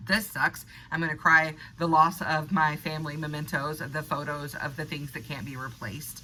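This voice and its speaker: Earnest woman doing an off-the-cuff motivational vlog, lowish bright voice, chatty. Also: steady tone, moderate pace, few pauses, slight background noise, rough recording. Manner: earnest, conversational, laughs at herself. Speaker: spiritual vlogger. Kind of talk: unscripted motivational monologue.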